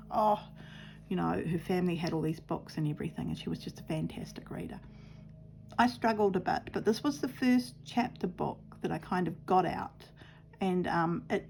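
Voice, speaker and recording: A middle-aged woman, chatting and rambling through a childhood story as she sews, with lots of fillers and soft asides. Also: fairly low pitch, vocal fry, a little hiss or hum. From New Zealand. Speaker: craft vlogger. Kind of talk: casual storytelling while sewing.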